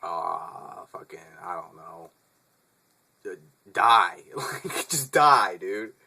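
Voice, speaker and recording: A man's voice: low-pitched, expressive, drawn-out words, vocal fry, pushed and bright, slightly rough. A young man vlogging in a casual, laid-back rant, swearing freely, laughing often and calling the listener dude.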